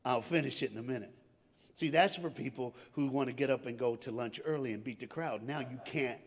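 A man preaching a sermon as a dramatic storyteller, swinging from loud to hushed and calling on the crowd to answer back. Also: mid-range voice, a little fast. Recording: long hall reverb.

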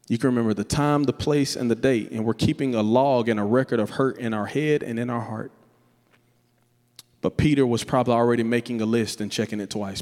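A man preaching a sermon to a congregation, lively and playful, breaking into high voices to act out the people in his stories. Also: brisk. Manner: animated preaching, jumps up in pitch for playful impressions of others. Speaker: pastor. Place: church sanctuary. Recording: church hall reverb.

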